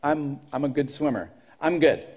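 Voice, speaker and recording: A man's voice: a little high, normal speed, darkish tone, slightly rough, voice pushed down. A man voicing a proud woman in the water who rambles about her swimming. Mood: boastful. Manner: rambling, self-assured.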